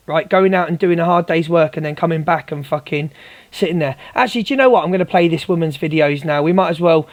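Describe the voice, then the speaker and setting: The host of a livestream, a man with a fairly high pitch and quick pace, launches into a confrontational rant at a viewer, repeatedly calling her darling.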